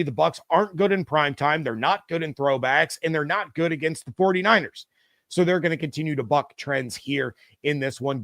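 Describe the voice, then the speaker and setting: A man's voice: fairly high pitch, a bit bright, no room sound, clean studio sound. A middle-aged man hosting a casual live sports show, chatting loosely and reading viewer comments aloud with many fillers. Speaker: podcast host.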